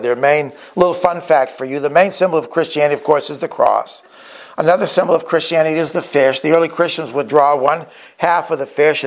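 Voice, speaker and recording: Pastor guy preaching, earnest, bit of a higher voice, acts out the quotes. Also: creaky. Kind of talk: sermon.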